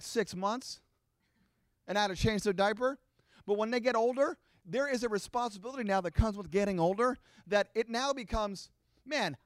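A middle-aged man preaching a sermon to his congregation, animated and acting out the voices of his listeners. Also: high voice, no echo, studio quality. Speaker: pastor.

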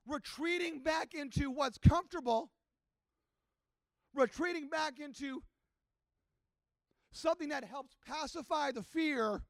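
A man preaching a sermon, telling a story with passion and rising to shouts. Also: extremely high pitch, measured pace, pauses often, no room sound. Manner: impassioned storytelling that builds to shouting. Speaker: pastor.

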